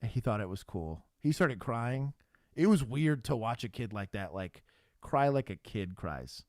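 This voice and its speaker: A former cop in his thirties co-hosts a casual livestream, telling stories bluntly and swearing as he goes. His voice sits at an ordinary pitch for a man. The sound is dry and close, with no room echo. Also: very animated, measured pace. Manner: blunt storytelling with profanity and frequent laughs. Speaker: livestream co-host, former police officer.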